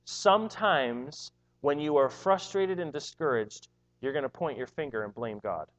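A man's voice: fairly high pitch, measured pace, a bit bright. A man preaching a sermon in an earnest, emphatic way, often repeating words as he drives a point home.

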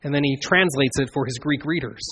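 A man preaching an expository sermon in an earnest way, building to emphatic swells and then dropping low. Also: brisk, fairly bright tone, husky. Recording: long reverb of a large hall.

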